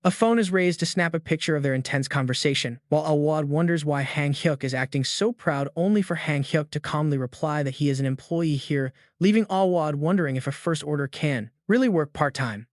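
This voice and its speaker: A man narrating a comic-fantasy story recap in a brisk, dramatic storytelling manner. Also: on the high side, no room sound, clean studio sound.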